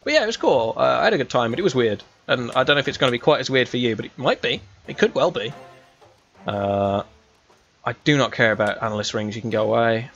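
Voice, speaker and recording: Talking fast with lively intonation and some vocal fry, this young man has a mid-range, slightly bright voice, though the recording is muffled. He's a West Midlands English gaming streamer rambling casually through a game with many fillers and restarts.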